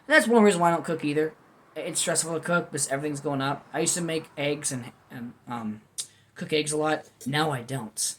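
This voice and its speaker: This man's voice is a little high and somewhat bright, and he talks fairly quickly as he reviews food at home, with slight hiss or hum present. His unscripted commentary rambles, mixing candor, self-mockery, and goofy tangents.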